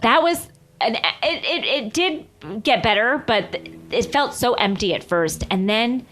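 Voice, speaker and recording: A woman co-hosts a podcast in a loose, conversational way. Her pitch rises and falls a lot as she talks. She laughs easily between thoughts. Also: measured pace. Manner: chatty, animated, laughs often. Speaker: podcast co-host. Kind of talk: casual chat.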